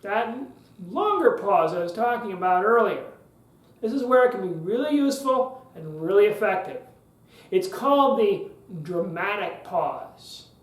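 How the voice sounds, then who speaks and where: A man hosting a public speaking podcast, talking emphatically, repeating key phrases and leaving long pauses. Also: high voice. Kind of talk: instructional podcast talk. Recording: roomy echo.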